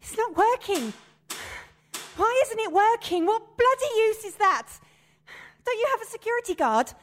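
A woman's voice: high-pitched, very animated, a little slow, a little hiss or hum. An actress playing an anxious woman trapped in a sauna, talking in a frantic, panicky way in an audio drama. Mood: panicked. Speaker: sauna customer.

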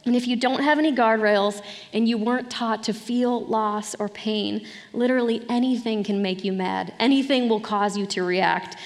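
A woman's voice: fairly high pitch, fairly even intonation, normal speed, long reverb tail. A middle-aged woman pastor preaching a sermon in an earnest, conversational way, with light laughs between points.

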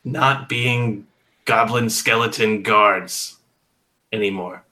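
A man's voice: lowish voice, steady tone, slow, sharp tone. A man playing a skeleton in a tabletop game, goofy, with dry asides. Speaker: player.

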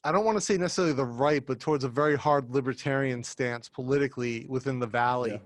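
A man's voice: medium pitch, quick pace, dry recording. A man in his thirties co-hosting a podcast, talking casually and joking, sometimes putting on voices. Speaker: podcast co-host.

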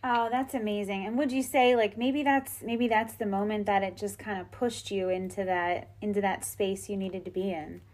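A woman's voice: medium pitch, fairly even intonation, moderate pace, few pauses, a little mellow. A woman hosting a casual interview, asking questions and offering encouraging affirmations. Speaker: interview host.

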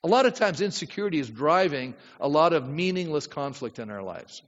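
A man's voice: a little high, very animated, fairly quick, big-room sound, lo-fi sound. A man pastor preaching a sermon in a conversational way, often asking the congregation questions.

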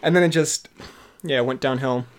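A man's voice: mid-range voice, normal speed. A young man chatting casually on a podcast, rambling, swearing often and laughing at his own jokes. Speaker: podcast host. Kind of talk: casual chat reviewing TV shows.

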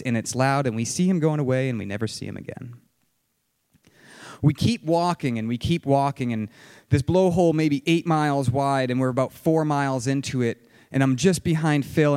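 A young man telling a dramatic personal story, vivid and excited, acting out shouted quotes. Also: on the high side, no room sound. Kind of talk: personal story told to an audience.

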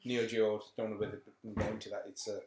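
A man's voice: lowish voice, little pitch movement, quick pace, darkish tone. A man co-hosting a casual podcast chat at home, telling a rambling story with frequent laughs. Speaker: podcast co-host. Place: home room. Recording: echoey home room.

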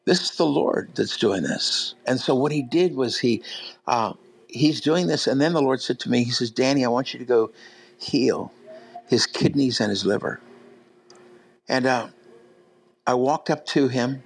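Big guy preaching, kinda husky, tells stories in a loose chatty way with lots of ums. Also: medium pitch, moderate pace, pauses often, rough recording. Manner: conversational, many fillers and restarts. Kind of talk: sermon storytelling.

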